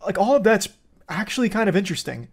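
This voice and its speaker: A man's voice: high-pitched, very animated, fast talker, husky. A young man giving casual, rambling commentary on a TV show, crude and amused. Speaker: show reviewer.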